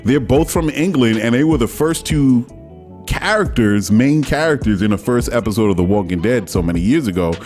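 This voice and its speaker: Animated laughing man. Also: medium pitch, normal speed, soft background music. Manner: animated, laughs a lot, exclamatory. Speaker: podcast host. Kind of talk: casual solo commentary.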